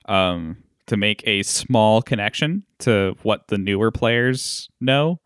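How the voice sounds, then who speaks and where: A man with a fairly low voice chatting casually on a podcast, working through his thoughts with plenty of pauses and filler words. The recording is dry and close, with no room sound. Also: fairly bright tone, clean tone, no echo. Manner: thoughtful, hesitant with many ums. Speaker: podcast co-host. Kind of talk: casual chat.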